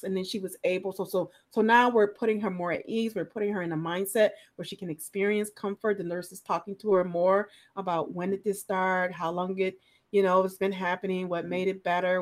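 A woman nurse specialist telling stories from her work in a relaxed interview, acting out the people in them. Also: medium pitch. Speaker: guest, clinical nurse specialist in pain. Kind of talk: conversational storytelling in a podcast interview.

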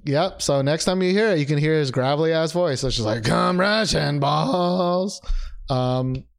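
A young man co-hosting a casual chat, animated and rambling, laughing often and restarting his sentences. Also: on the high side, fairly quick. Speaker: podcast co-host.

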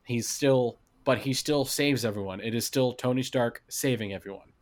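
A man's voice: mid-range voice, normal speed. Chatty man debating a film. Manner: enthusiastic, restarts often, quotes lines. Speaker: podcast co-host. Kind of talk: casual film discussion.

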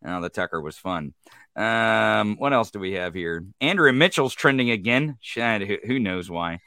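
A man's voice: lowish voice, lively intonation, moderate pace, creaky, pushed and bright, smooth, dry recording, studio quality. A man hosting a podcast, laid-back and jokey in casual political chat. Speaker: podcast host.

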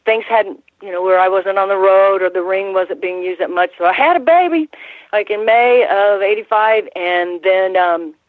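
A woman's voice: lowish voice, no room sound. Older woman telling stories over a tinny line. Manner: rambling, halting, with frequent restarts and laughs. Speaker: guest, former ring announcer. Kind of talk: casual interview storytelling.

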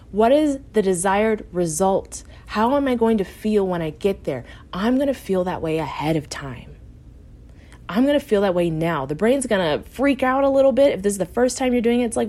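A woman speaks as host of her own coaching podcast, addressing listeners directly. She is encouraging and blunt in a tough-love way, and she laughs easily. Her voice sits at a middling pitch. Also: a little mellow. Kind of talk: motivational podcast talk.

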